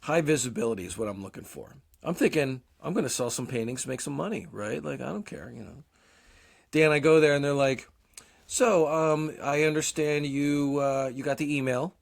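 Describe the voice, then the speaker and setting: A man's voice: mid-range voice, animated, normal speed, vocal fry. A man in his forties, co-hosting a podcast, telling a long casual story, swearing often and mocking himself. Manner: profane, self-deprecating storyteller. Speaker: podcast co-host.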